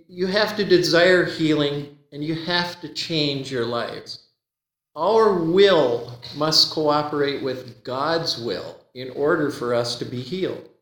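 A man giving a sermon, telling a gentle joke and then teaching, often repeating a word as he begins a sentence. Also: fairly high pitch. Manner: folksy joke-telling, repeats words when starting sentences. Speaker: preacher. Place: church. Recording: echoey church from a distance.

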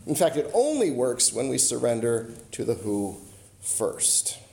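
A man preaching a sermon as a pastor, telling a personal story and slowing and softening his voice on key lines. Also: mid-range voice, sing-song, creaky. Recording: roomy echo.

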